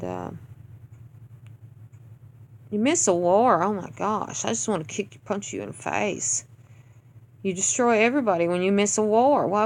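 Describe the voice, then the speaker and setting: A woman's voice: mid-range voice, creaky. A woman talks through game replays in a casual, unscripted way. She is blunt and exasperated and rants openly. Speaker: clan leader reviewing game attacks. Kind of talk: casual gameplay commentary.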